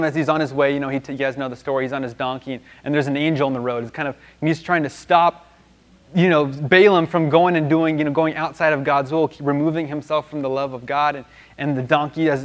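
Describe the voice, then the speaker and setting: Man casually teaching a Bible lesson. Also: fairly high pitch. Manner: rambling and conversational, many restarts and fillers.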